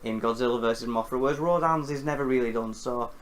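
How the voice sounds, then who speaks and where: A man hosting a casual film recap, animated and jokey, with casual swearing. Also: medium pitch, fast talker. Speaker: film reviewer host.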